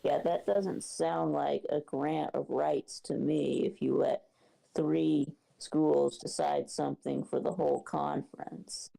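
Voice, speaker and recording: A man co-hosting a sports podcast, asking halting questions and chiming in with short agreements. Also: on the high side, level tone, vocal fry, dark tone, low-quality recording. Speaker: podcast co-host. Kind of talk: casual sports talk.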